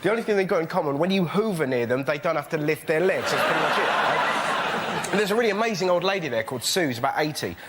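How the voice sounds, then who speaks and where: Cheeky, animated male comedian. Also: on the high side, fast talker. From Britain. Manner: animated, cheeky, laughs at his own jokes. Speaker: comedian panelist. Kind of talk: stand-up storytelling on a panel show. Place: TV studio with a live audience. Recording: loud studio audience laughter and noise.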